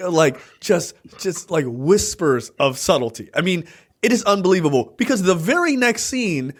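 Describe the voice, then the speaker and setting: A man co-hosting a podcast in casual movie review chat, animated and laughing, acting out lines from the film. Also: high voice. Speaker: podcast co-host.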